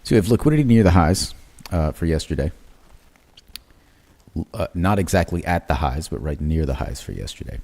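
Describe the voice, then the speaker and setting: Very deep gravelly man analyzing charts. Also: a little fast, long pauses. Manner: thinks aloud, many fillers and "right?" tags; relaxed, self-correcting commentary while drawing on charts. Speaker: crypto trading livestream host.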